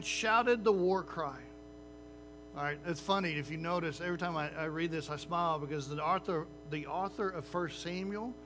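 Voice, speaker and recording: A man preaching a sermon in a lively, conversational way, often checking in with the listeners with "right?" and using sports comparisons. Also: high-pitched. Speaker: pastor.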